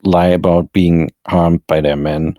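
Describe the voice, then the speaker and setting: A man with a very deep voice and a dark, mellow tone speaks bluntly and scoffs. He sounds close and dry, with no room around him. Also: flat delivery, unhurried, dry recording. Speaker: podcast co-host. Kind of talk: casual reaction chat.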